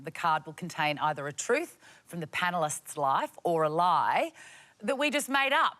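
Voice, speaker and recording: A woman hosting a comedy panel show, reading the rules in a crisp, measured way. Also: fairly low pitch, fairly bright tone. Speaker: host. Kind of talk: scripted presenting. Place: TV studio with audience.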